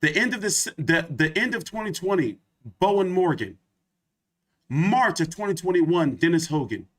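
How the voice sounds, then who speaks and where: A man's voice: on the high side, expressive, normal speed, fairly bright tone. A man hosting a boxing channel, ranting live with emphatic, profane repetition. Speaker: boxing YouTube host. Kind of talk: live boxing commentary rant.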